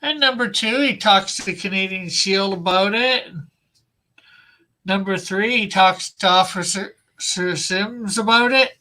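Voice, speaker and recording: A man's voice: sits high, a little slow, pushed and bright, rough recording. A comic artist making casual, rambling talk while he draws, laughing often. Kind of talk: casual chat while drawing.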